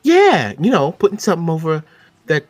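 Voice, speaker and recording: A man's voice: fairly high pitch, wildly swooping pitch, moderate pace, no room sound, pitched above the performer's own voice. A man voicing a fussy, chatty woman desk clerk who gushes and bosses. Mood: bossy. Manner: gushing, bossy, doting.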